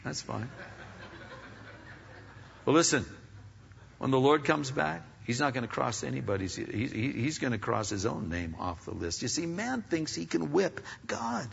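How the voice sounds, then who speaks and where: A male pastor preaching a sermon in an emphatic style that rises to loud peaks. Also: medium pitch, lively intonation, moderate pace, creaky, slight background noise. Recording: lo-fi recording in a reverberant hall.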